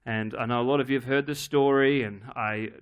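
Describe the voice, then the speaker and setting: A middle-aged man preaching a sermon, telling a family story in a relaxed, humorous, conversational way. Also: mid-range voice, brisk, clean tone. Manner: acts out his daughter's voice in quotes. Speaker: pastor.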